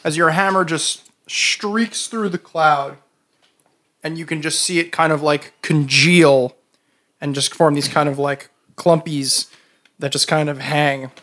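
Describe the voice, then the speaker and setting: A man's voice: fairly high pitch, bright, forceful tone. Man narrating as game master. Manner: slow, halting descriptive narration with fillers.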